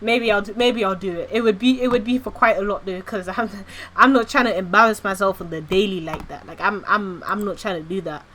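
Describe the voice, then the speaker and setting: Woman, VTuber streamer, rambly and giggly, casual swearing, bright crisp tone, chatty livestream delivery. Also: medium pitch, a little fast, few pauses, slight background noise.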